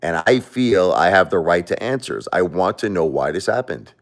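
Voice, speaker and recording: A man's voice: deep voice, expressive, normal speed. A middle-aged man from the United States hosting a livestream, talking bluntly and emotionally, confronting his viewers as he goes. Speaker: livestream host. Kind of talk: livestream rant.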